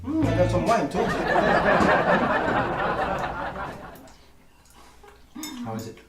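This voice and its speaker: A man's voice: sits high, expressive, drawn-out words. A man from Naples with an Italian accent, casually demonstrating a home cooking recipe and chatting as he works. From Naples, Italy. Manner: chatty, loose, cheerful asides. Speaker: home cooking show host. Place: home kitchen. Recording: roomy kitchen, mic far off, loud music.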